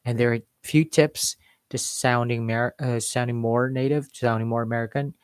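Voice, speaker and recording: Male accent coach, casual live-stream lesson, mid-pitched voice, dry close mic. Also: steady tone, normal speed, clear, resonant tone, no echo. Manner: explains with modeled examples and filler words. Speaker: English accent teacher.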